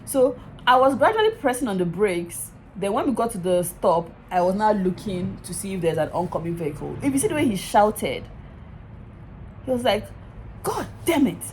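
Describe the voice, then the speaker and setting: A young Nigerian woman with a Nigerian accent tells a story on her vlog, sounding animated and exasperated. She records herself on a handheld phone outdoors at a bus stop, with faint street noise behind her and a middle-range voice. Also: medium pitch, normal speed, low-quality recording. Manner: animated, exasperated retelling with laughs. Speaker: vlogger.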